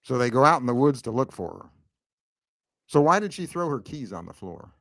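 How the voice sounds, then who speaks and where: A man's voice: medium pitch, very animated, brisk, vocal fry, a bit bright. A man hosting a casual recap chat, laughing often and reading viewer comments aloud. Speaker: podcast host.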